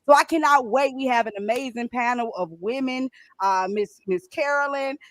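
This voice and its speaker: A woman co-hosting a radio talk show, chatting casually and excitably and laughing often. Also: sits high, moderate pace, no echo. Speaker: podcast co-host.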